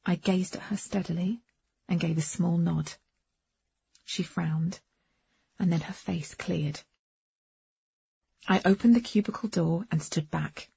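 A woman's voice: on the low side, unhurried, gravelly, pauses often, warm tone, husky, no room sound. A woman reading a first-person novel aloud with wry, understated delivery, on a dull, muffled recording. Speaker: audiobook narrator.

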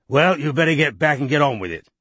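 A man voicing a gruff, bad-tempered older male politician who barks and growls curt remarks. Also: a little high, lively intonation, quick pace, fairly bright tone, no room sound, voice pushed up.

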